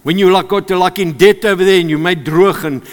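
A man with a South African accent preaching a sermon, animated and joking with the congregation. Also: high-pitched, fairly quick. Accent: South African English. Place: church service with congregation. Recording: long hall reverb.

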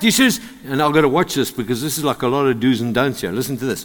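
A man with a South African accent preaching a sermon, animated and joking with the congregation. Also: mid-range voice, fast talker, hardly any pauses. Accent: South African English. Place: church service with congregation. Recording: long hall reverb.

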